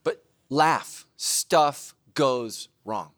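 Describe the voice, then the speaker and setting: A middle-aged man preaching a sermon as pastor, joking, laughing at himself and breaking into loud shouted asides. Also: medium pitch, extremely slow.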